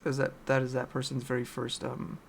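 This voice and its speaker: Rambling gravelly man chatting while painting. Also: mid-range voice, monotone, fairly quick, a little hiss or hum. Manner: rambling, searching for words, swears. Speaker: streamer painting a miniature. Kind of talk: casual chat while painting.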